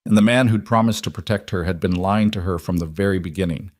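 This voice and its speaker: A man narrating a scripted romance story in an even, steady manner. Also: deep voice, fast, no room sound, studio quality.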